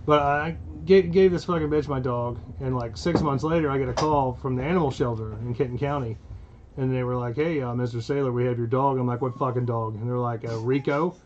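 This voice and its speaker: A man's voice: medium pitch, fairly even intonation, a little fast, darkish tone, highs cut off, slight background noise. A man with a Kentucky accent, co-hosting a podcast, telling a long story casually with plenty of swearing and laughter. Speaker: podcast co-host.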